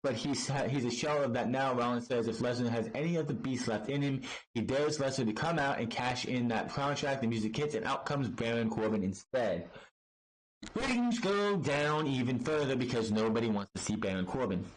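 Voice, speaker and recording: A man's voice: medium pitch, expressive, moderate pace, slight background noise, low-quality recording. Man, wrestling reviewer, casual recap, sarcastic and swearing, exasperated.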